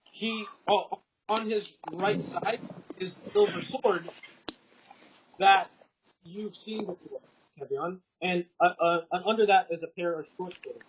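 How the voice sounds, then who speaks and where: A man's voice: sits high, muffled recording, background noise. A man narrating a tabletop game as game master, rambling with many ums and restarts.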